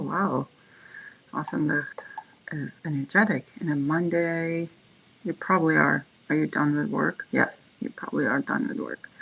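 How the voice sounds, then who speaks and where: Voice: medium pitch, creaky, sharp tone, husky, low-quality recording. A livestream host in casual chat, rambling and reading viewers' messages aloud. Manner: frequent fillers and restarts.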